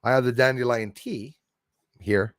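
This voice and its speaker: A man with a French Canadian accent hosting a casual livestream, rambling through viewer comments with frequent chuckles and sudden loud bursts. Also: mid-range voice, fairly even intonation, unhurried, no echo, studio quality. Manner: rambling, chuckling, jumps loudly between topics. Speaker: livestream host.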